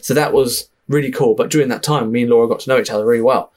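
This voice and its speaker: A man's voice: mid-range voice, very fast. Chatty Essex man telling stories. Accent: Essex English. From Essex, England. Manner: chatty storyteller, swears, laughs often. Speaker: film director guest. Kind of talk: casual podcast interview.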